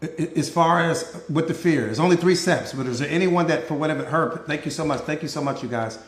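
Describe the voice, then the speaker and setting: A man's voice: fairly high pitch, a little fast, reverberant. A man, a life coach, giving an emphatic live-stream motivational talk with a repetitive, preacher-like cadence.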